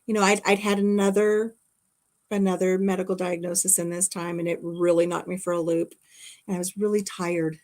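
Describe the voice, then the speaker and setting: A woman's voice: medium pitch, a little fast. A middle-aged woman hosting a casual livestream from her craft room at home, rambling and chatting as she reads viewer comments aloud. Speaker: livestream host.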